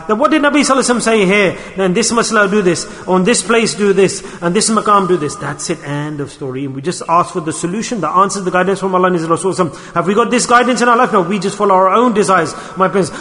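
A man delivers an exhorting sermon in a bright, forceful voice, sprinkling his English with Arabic and Urdu religious words. He keeps pressing his listeners with rhetorical questions. His voice rings on in a long hall reverb. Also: high-pitched, racing, few pauses. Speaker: preacher.

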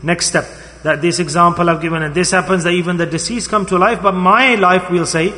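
A man's voice: high voice, fairly even intonation, a little fast, pushed and bright. A man delivering a sermon, telling a story with emphatic, rising and falling delivery. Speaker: preacher. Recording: long hall reverb.

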